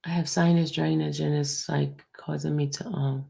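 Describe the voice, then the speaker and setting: A woman hosting a livestream, speaking low and hushed, near a whisper, and answering her viewers in a blunt, defensive way. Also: flat delivery, moderate pace, gravelly. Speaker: livestream host. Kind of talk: livestream talk answering the chat.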